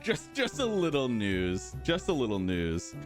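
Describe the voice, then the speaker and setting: A man's voice: medium pitch, wildly swooping pitch, measured pace, faint music behind. A man in his thirties hosting a casual livestream, playful and chatty, greeting viewers by name and rambling off on asides. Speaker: livestream host for a game studio.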